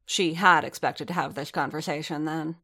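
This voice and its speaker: A woman reading a story aloud as narrator, in an even, steady storytelling manner. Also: deep voice, normal speed. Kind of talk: fan fiction reading aloud.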